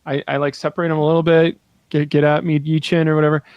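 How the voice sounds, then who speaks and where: A man co-hosting a podcast in casual chat, telling an animated story with laughter and swearing, close on the microphone. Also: fairly high pitch, quick pace, smooth, no echo, dull audio. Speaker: podcast co-host.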